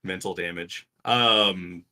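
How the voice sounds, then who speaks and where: A man running a tabletop game as game master, taking his time over every sentence. His voice is bright and clear, and he pauses often on fillers and breaks into laughs. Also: low voice, steady tone.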